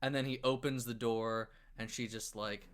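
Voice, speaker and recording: A man co-hosting a casual movie review podcast, recapping the plot in an animated way with swearing and acted-out quotes. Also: medium pitch, moderate pace, a little hiss or hum. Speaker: podcast co-host.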